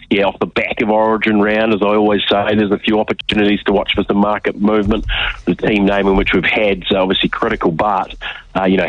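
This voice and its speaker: A man giving relaxed, chatty betting tips on a radio segment, with frequent fillers, over a dull lo-fi line. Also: low voice, breathy edge, no room sound. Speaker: betting tipster.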